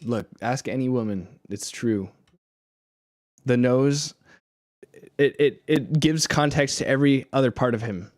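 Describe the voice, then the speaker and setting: A man's voice: mid-range voice, measured pace, pauses often, no room sound, clean studio sound. A man streaming casually while making music, rambling with fillers and laughing at himself. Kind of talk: casual live-stream chat.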